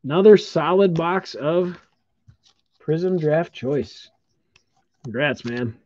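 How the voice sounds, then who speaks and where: Slow-talking man hosting a live card break. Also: on the high side, lively intonation, darkish tone, no room sound. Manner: upbeat, congratulating viewers while calling out cards. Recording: dull lo-fi stream audio.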